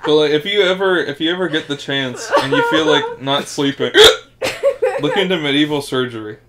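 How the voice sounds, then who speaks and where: A man's voice: a little high, very animated, moderate pace, a loud crowd. A man hosting a podcast in casual chat, rambling through explanations with restarts and swearing. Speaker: podcast host.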